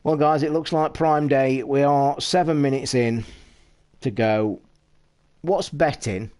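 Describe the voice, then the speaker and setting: A British man in the middle of a live stream, chatting straight to his viewers. His talk is casual and quick to excite, peppered with constant swearing and a rushed edge, sitting at an ordinary middle pitch for a man. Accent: British English. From United Kingdom.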